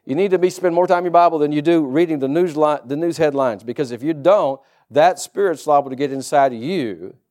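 A male pastor preaching a sermon, reading scripture aloud and rising into loud, fervent preaching. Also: on the high side, brisk, hardly any pauses.

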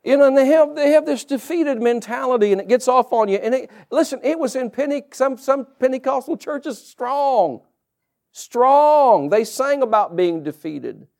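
A man preaching a sermon in church, animated and calling out to the congregation. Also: very high-pitched, moderate pace, gravelly. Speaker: pastor.

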